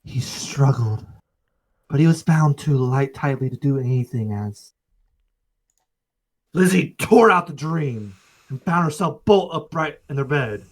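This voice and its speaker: Male streamer narrating a story game, casual and jokey, even middle voice. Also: medium pitch, measured pace, pauses often, poor audio. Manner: casual, joking asides between narrated lines. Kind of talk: reading a visual novel aloud on stream.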